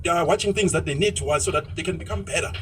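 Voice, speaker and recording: A man's voice: a little high, very fast, a bit bright, far from the mic, slight background noise, rough recording. A South African man giving an opinionated monologue while driving, ranting and mixing in isiZulu phrases. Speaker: vlogger. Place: inside a moving car.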